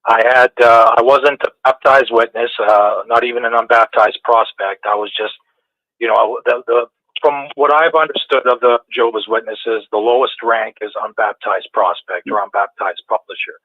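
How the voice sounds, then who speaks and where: A man's voice: mid-range voice, steady tone, moderate pace, no echo. Rambling male caller on a tinny phone line. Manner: rambling, with frequent restarts. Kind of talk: casual call-in chat.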